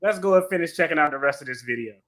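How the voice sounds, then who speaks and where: A man with a fairly high, bright and forceful voice hosts a casual reaction commentary. He talks in loose slang and gets animated, often breaking into laughter. His delivery stays chatty and outspoken throughout. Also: racing. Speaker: attorney reaction host.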